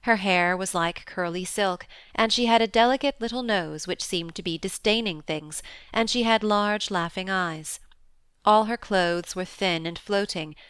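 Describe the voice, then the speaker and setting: Smooth-voiced woman narrating a classic novel. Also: mid-range voice, dry recording. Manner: measured, even storytelling. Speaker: audiobook narrator. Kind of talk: scripted narration.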